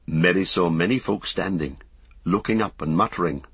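Male audiobook narrator: low, husky, solemn, dull dry recording. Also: moderate pace, fairly bright tone, no room sound. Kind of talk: scripted narration.

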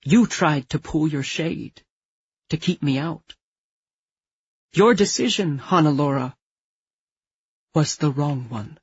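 A man's voice: on the high side, expressive, slow pace, pauses often, breathy edge, dry recording, muffled recording. A man narrating a novel in the first person, with stiff, formal and precise diction. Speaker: audiobook narrator.

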